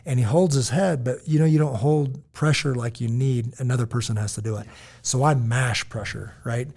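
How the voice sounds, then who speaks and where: A man in his forties telling animated, rambling stories as a podcast co-host, often checking in with "right?". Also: mid-range voice, moderate pace, creaky. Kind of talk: casual podcast storytelling.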